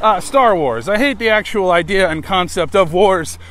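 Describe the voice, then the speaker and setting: A man's voice: high voice, lively intonation, moderate pace, fairly bright tone, a little hiss or hum. An American man hosting an improvised podcast, rambling and irreverent, with frequent swearing. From United States. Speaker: podcast host. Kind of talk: improvised casual monologue.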